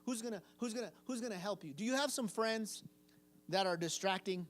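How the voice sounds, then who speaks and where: A man's voice: sits high, fairly quick. A man giving a casual youth group sermon to a live audience in a room. He quizzes the listeners and repeats phrases for emphasis. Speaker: youth pastor.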